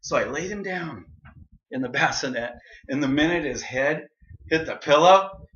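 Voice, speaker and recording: A middle-aged man gives a personal speech to an audience, telling a story and acting out the voices of the people he quotes. His pitch is fairly high, his tone fairly bright, and his pace moderate. The recording is dull and roomy, from a hall.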